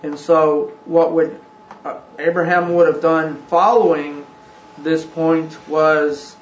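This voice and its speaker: A man teaching a scripture class. He talks haltingly, with frequent ums and restarts. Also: a little high, steady tone, a little hiss or hum. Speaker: religious teacher. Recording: roomy, dull recording.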